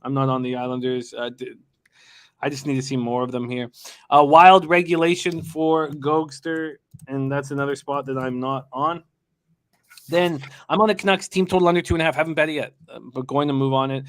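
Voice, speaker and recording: A man hosting a live sports betting show, rattling off betting lines quickly and hyping up his guests. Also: medium pitch, steady tone, smooth. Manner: rapid-fire reading of betting lines.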